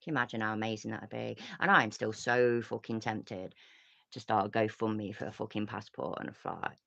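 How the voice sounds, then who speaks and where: A woman's voice: very deep voice, steady tone, normal speed, creaky, a bit bright, no echo, dull audio. A woman hosting a casual livestream chat, ranting and swearing freely. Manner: ranty, sweary, chatty. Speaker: host.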